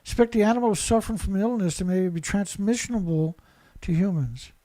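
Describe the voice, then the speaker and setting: Guy ranting over news clips, swears a lot, sarcastic, kinda high voice. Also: fast, mellow. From Canada. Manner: profane, sarcastic, mocking. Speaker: environmental commentator.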